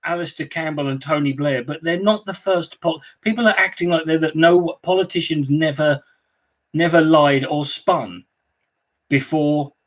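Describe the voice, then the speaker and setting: A man talks over radio clips in a sardonic, casual way. His voice sits a little higher than most men's. He keeps cutting in with dry remarks. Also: moderate pace. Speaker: livestream host reacting to radio clips. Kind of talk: casual commentary.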